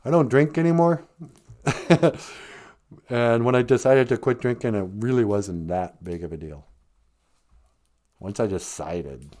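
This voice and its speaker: A man from an Ojibwe reservation in the US hosts a live stream in a mid-range, slightly mellow voice, unhurried and with long pauses. His comedic chat is casual and rambling, full of jokes and frequent laughs.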